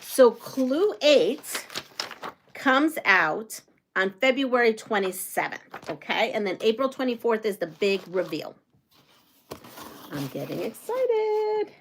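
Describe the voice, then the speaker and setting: A woman's voice: fairly high pitch, lively intonation, slow, fairly bright tone, a little hiss or hum. A middle-aged woman hosting a casual quilting livestream, chatty and rambling as she talks with her viewers. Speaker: quilting channel host.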